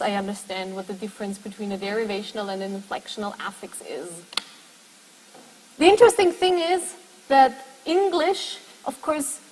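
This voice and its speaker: A high-pitched woman lecturing at a university, walking students through ideas and checking in with a quick "right?". Her voice carries a long reverb from a lecture hall. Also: slight background noise. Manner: explanatory, often checks in with "right?".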